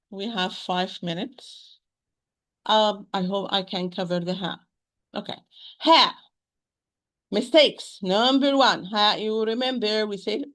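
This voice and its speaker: A woman teaching a recitation lesson, speaking haltingly, often repeating words and modelling pronunciations aloud to make her points. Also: mid-range voice. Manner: stresses rules with emphatic repetition.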